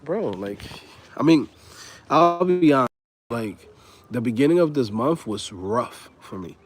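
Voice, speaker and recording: A man's voice: mid-range voice, lively intonation, unhurried. A man in his thirties hosting a casual livestream, talking in laid-back slang and laughing often. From Dominican heritage. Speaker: livestream host.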